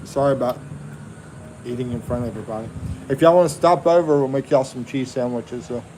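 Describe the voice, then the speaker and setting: A man's voice: mid-range voice, brisk, background noise. A Texan man chatting casually on a livestream, reading viewer comments and chuckling, in a home kitchen. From USA. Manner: laid-back, chuckling, reads viewer comments. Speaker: livestream host.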